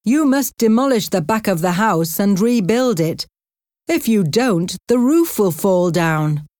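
A woman voicing a serious, blunt male builder in an audiobook, delivering slow, grave warnings. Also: mid-range voice, animated, darkish tone, dry recording, studio quality, lightly acted. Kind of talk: audiobook character voice.

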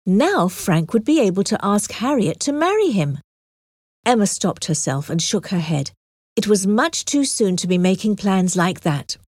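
A woman narrating an audiobook with a clear, expressive reading on a close mic. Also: medium pitch, moderate pace, no echo.

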